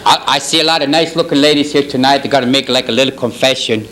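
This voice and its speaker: A man's voice: medium pitch, fast talker, close to an everyday voice, low-quality recording. A man playing a sly middle-aged Italian parish priest with a put-on Italian accent and broken English, telling jokes at a banquet. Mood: deadpan. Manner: deadpan, rambling joke delivery, broken English. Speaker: banquet humorist. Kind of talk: stand-up roast at a banquet. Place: banquet hall.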